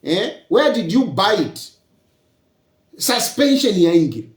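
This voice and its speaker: A man's voice: high voice, big pitch swings, slow pace, reverberant. A man with a Zambian accent, a politician giving a public address and lecturing his rivals with rhetorical questions.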